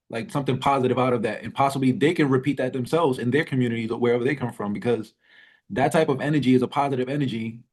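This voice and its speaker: A man hosting a podcast, chatting casually and encouraging his guest. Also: mid-range voice. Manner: encouraging, quick reactions. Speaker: podcast host. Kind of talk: casual interview chat.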